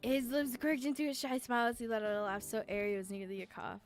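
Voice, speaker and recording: Young female streamer, high voice, reads game text aloud, gets teary and swears casually. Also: flat delivery, quick pace, few pauses, faint music behind. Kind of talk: reading a romance game aloud while playing.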